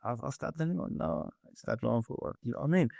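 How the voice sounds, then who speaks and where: Speaking fast in a creaky, slightly mellow mid-range voice, a young man from England recounts his life in a casual interview, with no room sound on the recording. He's blunt and sweary, voices other people's lines in quotes, and fills his speech with fillers.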